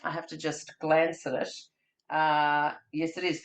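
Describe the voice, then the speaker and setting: A woman presenting a childcare training webinar in an animated, theatrical, chatty way. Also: low voice, measured pace.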